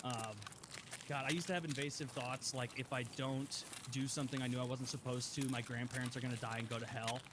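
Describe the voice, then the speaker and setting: A man's voice: medium pitch, little pitch movement, fairly quick. Man recalling his childhood frankly, noisy. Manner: candid, thoughtful personal recollection. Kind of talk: casual chat. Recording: loud background noise.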